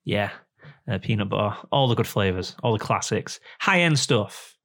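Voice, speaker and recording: A man's voice: fairly low pitch, lively intonation, normal speed, fairly bright tone. A man hosting a podcast, reading a sponsor spot in a rambling, jokey way. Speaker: podcast host. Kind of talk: casual podcast chat and ad read. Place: indoor room, face to face with guest.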